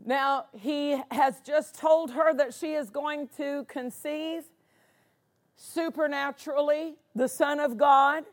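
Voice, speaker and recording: A woman's voice: sits high, steady tone, slow. A woman pastor preaching a sermon, driving points home by repeating words for emphasis.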